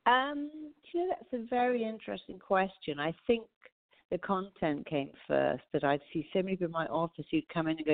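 Low-voiced woman therapist on a tinny line. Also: brisk, no room sound. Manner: lively storytelling, acts out clients' voices. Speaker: therapist and author, guest. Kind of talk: interview conversation.

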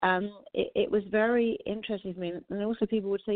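A woman therapist and author answering interview questions, telling lively stories and acting out what her clients say. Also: mid-range voice, fast talker, few pauses, no echo. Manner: lively storytelling, acts out clients' voices. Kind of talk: interview conversation. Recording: tinny phone-like line.

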